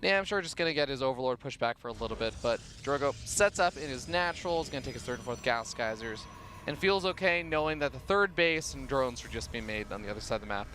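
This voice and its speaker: A man's voice: mid-range voice, expressive, fast talker, sharp tone, a little hiss or hum. A man casting a live esports match in an upbeat way, laughing easily as he talks through the play. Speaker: esports caster. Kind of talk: play-by-play commentary.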